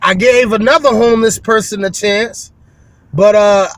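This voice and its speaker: Rambling, high-voiced man vlogging. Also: fairly even intonation, normal speed, a bit bright, no echo. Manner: rambling, conversational, many fillers and restarts; folksy, addresses viewers as y'all. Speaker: window cleaning business owner. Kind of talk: casual vlog monologue.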